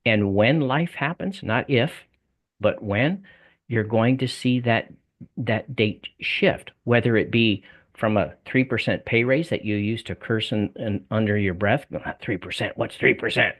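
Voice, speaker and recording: A man's voice: lowish voice, unhurried. An older man with a Southern US accent, a guest in a conversational interview, talking in a folksy way with repeated words and restarts. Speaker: guest, debt coaching salesman.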